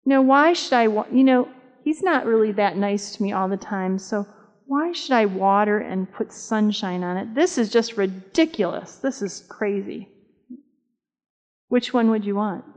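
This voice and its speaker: Chatty woman preaching in a reverberant hall. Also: mid-range voice. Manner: chatty, humorous storytelling with audience questions. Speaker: speaker at a church camp meeting. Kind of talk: conversational sermon. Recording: dull sound with long hall reverb.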